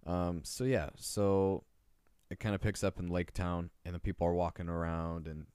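A man's voice: deep voice, level tone, normal speed, warm tone, clean tone, no echo. A young man co-hosting a podcast, chatting casually and jokingly about a book, rambling and poking fun at himself. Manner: rambling, jokey, self-deprecating. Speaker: podcast co-host.

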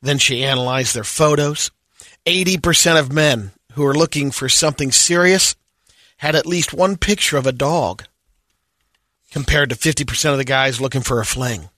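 A man co-hosting a radio show who reads out trivia and news items in a steady tone. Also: mid-range voice, normal speed, no room sound, studio quality. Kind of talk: casual radio chat.

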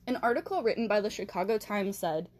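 A woman podcast host narrates history casually, full of chatty asides and self-corrections. She speaks briskly and expressively in a mid-range voice into a handheld mic she has to hold still.

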